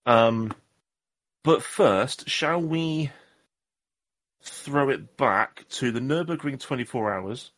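A man's voice: mid-range voice, slow pace, pauses often, fairly bright tone. A man from southwest England co-hosting a podcast, rambling and joking at his own expense in casual chat. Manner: jokey, rambling, self-deprecating. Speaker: podcast co-host.

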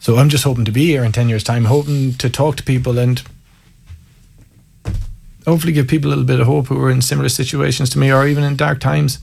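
Gravelly Irish man telling stories. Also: medium pitch, steady tone, quick pace, a little mellow. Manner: wry, anecdotal, candid. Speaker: guest, former Gaelic footballer. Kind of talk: casual storytelling interview.

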